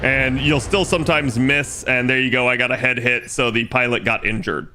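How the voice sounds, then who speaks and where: A man with a bright, clear voice talks through his turns in a strategy game. His commentary is casual and explanatory, with the odd curse word, at an ordinary mid pitch. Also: moderate pace. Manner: relaxed, explains his moves aloud, swears casually. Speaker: streamer playing a strategy game.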